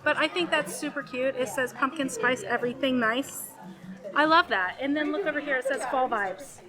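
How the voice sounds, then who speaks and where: A woman's voice: sits high, normal speed, a crowd in the background. A woman vlogging casually from a shop, chatting and gushing about the clothes she finds. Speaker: theme park vlogger. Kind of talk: casual shopping vlog.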